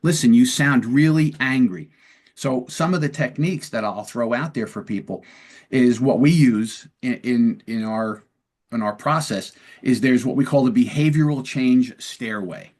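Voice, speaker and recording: A man with a mid-range voice hosts a long-form interview and talks the listener through his points in a relaxed, conversational way. He slips into short acted-out dialogue to make his examples clear. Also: medium pitch, moderate pace. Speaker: podcast host and police lieutenant.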